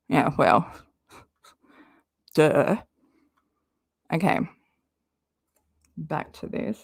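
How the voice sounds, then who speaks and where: A woman's voice: medium pitch, slow, vocal fry, no echo, clean studio sound. A woman doing casual commentary, reading social media posts aloud with an exasperated, rambling manner and frequent swearing. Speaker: commentary YouTuber.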